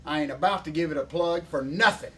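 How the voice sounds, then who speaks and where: A man in his fifties talks in a high register, folksy and excitable as he hosts. He rambles from one thing to the next in casual banter. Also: fairly quick, heavy background noise. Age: 50s. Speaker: show host.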